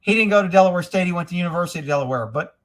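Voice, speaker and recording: A man hosting a livestream of angry political commentary, profane and mocking, bursting into shouts and laughing in disbelief at clips. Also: high voice, expressive, racing. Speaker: livestream host.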